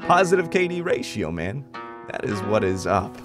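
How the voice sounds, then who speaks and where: A man giving live commentary over his own gameplay, excitable and prone to yelping and shouting at the game. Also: lowish voice, moderate pace, music in the background. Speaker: gaming YouTuber.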